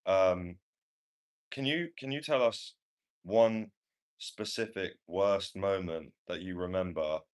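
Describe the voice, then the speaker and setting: A man's voice: deep voice, slow. A man hosting a podcast, asking questions in a laid-back way with lots of "um" and "uh". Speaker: podcast host. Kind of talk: casual interview questions.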